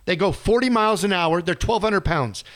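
Radio host guy spinning a story, acts out the quotes, fairly high voice. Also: normal speed, a bit bright. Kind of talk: casual on-air chat.

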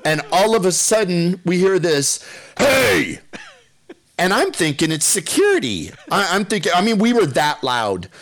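Middle-aged male radio regular, slightly high voice, lively anecdote teller who keeps cracking up. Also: normal speed, hardly any pauses. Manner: animated storyteller, laughs often, acts out quotes. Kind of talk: casual storytelling on a radio show.

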